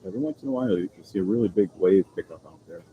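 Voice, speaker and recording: A man hosting a casual live stream from an outdoor coastal restaurant, chatting with viewers in a relaxed, rambling way. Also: sits low, rapid-fire, phone-quality sound, a little hiss or hum. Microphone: phone camera.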